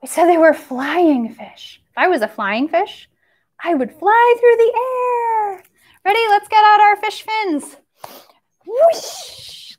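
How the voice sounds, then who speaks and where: A young woman leading a toddler story time, playful and sing-song, with animal noises and sound effects. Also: very high voice.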